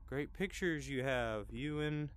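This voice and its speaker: A man's voice: medium pitch, measured pace, slight background noise. A young man commenting on a horror game, talking nervously to the characters and blurting repeated warnings when startled. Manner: jumpy, nervous chatter to game characters, bursts of repeated "hey". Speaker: gaming video host.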